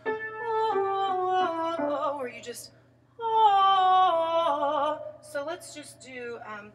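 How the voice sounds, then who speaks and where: A woman's voice: a little high, a little slow. A woman teaching a singing lesson, coaching a student and singing phrases to show how they go. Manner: coaching, demonstrating sung phrases. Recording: distant mic with piano.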